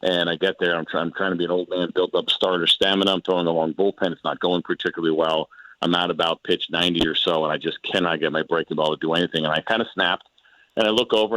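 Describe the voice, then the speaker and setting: A former pitcher in his forties, a man telling a long story in a relaxed way on a sports radio show, with quoted back-and-forth dialogue. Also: rapid-fire, no room sound, poor audio. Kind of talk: casual sports radio chat.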